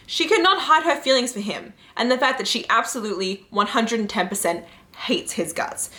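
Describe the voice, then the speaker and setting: Chatty woman gushing over webcomics. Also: mid-range voice. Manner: chatty, animated retelling of plots, frequent "like" and "you know". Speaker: book and webcomic reviewer. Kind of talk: casual recommendation chat.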